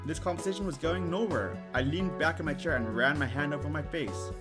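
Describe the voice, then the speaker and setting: Excitable male streamer, slightly high voice, reads a story and jokes with chat over background music. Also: fairly quick, hardly any pauses. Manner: excitable, breaks into high squeals and joking asides. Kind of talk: reading a story aloud and reacting live. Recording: music playing behind the voice.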